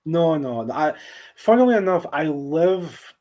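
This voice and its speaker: Soft-spoken Scottish man hosting a podcast. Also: on the high side, lively intonation, a little slow. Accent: Scottish, central belt. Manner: soft-spoken, laughs often. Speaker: podcast host. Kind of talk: casual podcast chat.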